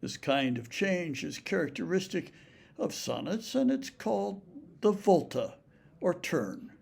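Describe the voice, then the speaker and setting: A man giving a measured literature lecture, explaining poetic form and reading verse aloud deliberately. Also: sits high, sing-song, gravelly, darkish tone, slightly rough. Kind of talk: recorded lecture with poetry reading.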